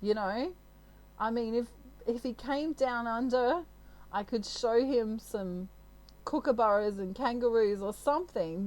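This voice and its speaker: A woman's voice: a little high, unhurried, darkish tone, poor audio. Chatty Australian woman tarot reader. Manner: chatty, rambling, giggly. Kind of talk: casual spiritual reading.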